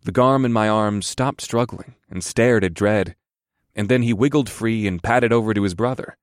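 A man narrating a fantasy audiobook in the first person, measured with a wry edge. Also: on the low side, no echo, studio quality.

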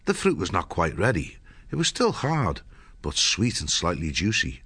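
A man reading a story aloud as narrator, measured and steady. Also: low voice, slightly rough, no room sound. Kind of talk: scripted audiobook narration.

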